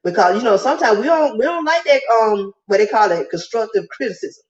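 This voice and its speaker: A woman's voice: a little high, expressive, brisk. Earnest woman guest, dull echoey sound. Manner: earnest, reflective, speaks of guiding her kids. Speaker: interview guest. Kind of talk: casual interview.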